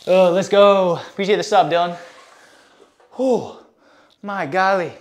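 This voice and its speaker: Winded guy on a workout stream, kinda high voice, hyped and slangy, talks to chat between reps. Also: fairly even intonation, unhurried. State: out of breath. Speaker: fitness streamer.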